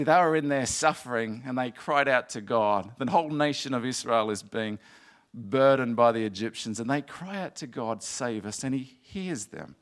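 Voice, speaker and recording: A man preaching a sermon in an earnest, repetitive way, rising to emphatic passages. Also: mid-range voice.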